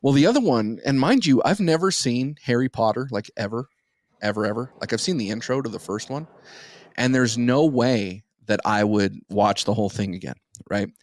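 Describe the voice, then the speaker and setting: Young male podcast host, crude and rambling storyteller, close dry mic, mid pitch. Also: normal speed, dry recording. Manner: crude, rambling, profane anecdote telling. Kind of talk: casual storytelling.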